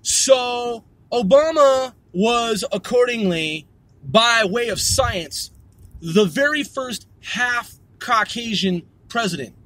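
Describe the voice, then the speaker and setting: A man's voice: very high voice, expressive, slow, fairly bright tone, no echo. A man delivering a heated, profanity-laden monologue, repeating himself as he builds up steam. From United States. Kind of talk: ranting monologue.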